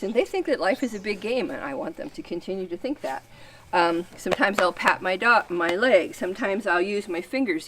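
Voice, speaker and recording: A woman who breeds and trains livestock guardian dogs, explaining leash handling in a practical, teaching way. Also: on the low side. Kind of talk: instructional training video. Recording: distant mic, faint outdoor noise.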